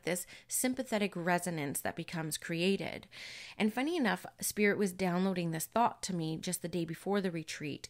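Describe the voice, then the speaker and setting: A woman medium giving an earnest, emphatic spiritual teaching in a conversational way, sometimes swearing for emphasis. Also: on the low side. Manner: casual, occasional swearing for emphasis.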